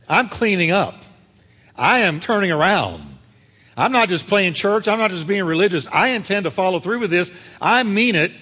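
A man preaching a sermon, animated, swinging between loud calls and hushed, quiet passages. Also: sits high, husky, in a large hall.

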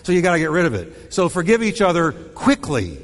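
A male pastor delivering a sermon in an animated, punchy style, hammering home short repeated phrases. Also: a little high, fairly quick, in a large hall.

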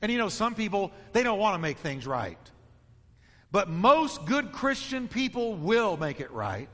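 A man's voice: sits high, big pitch swings, a little slow, pushed and bright, long reverb tail. A man preaching a sermon as pastor, emphatic and rhythmic, stacking repeated phrases.

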